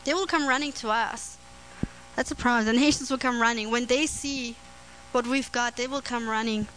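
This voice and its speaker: A woman preaching a sermon on scripture, earnest and prone to restarts and soft laughter. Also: on the high side, normal speed, slight background noise, rough recording.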